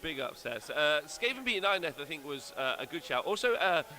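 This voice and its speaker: A man's voice: fairly high pitch, very animated, brisk, bright, forceful tone. A man co-hosting a casual wargaming livestream, joking around and reading chat messages aloud. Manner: jokey, reads out chat messages. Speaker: co-host of a wargaming stream.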